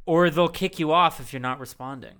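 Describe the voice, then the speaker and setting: A man's voice: fairly high pitch, a little fast, sharp tone, smooth. A man hosting a podcast, telling rambling jokey stories with lots of fillers. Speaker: podcast host. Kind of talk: casual podcast chat.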